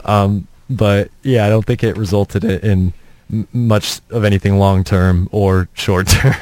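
Low-voiced young comedian, rambling. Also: male voice, steady tone, unhurried, a little mellow, no room sound. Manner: rambling, self-mocking, trips over his words. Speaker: comedian, interview guest. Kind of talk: casual anecdotal storytelling.

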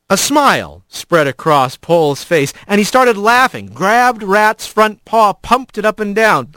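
A man reading a storybook aloud as narrator, in an expressive, animated way. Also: a little high, moderate pace, hardly any pauses, no echo.

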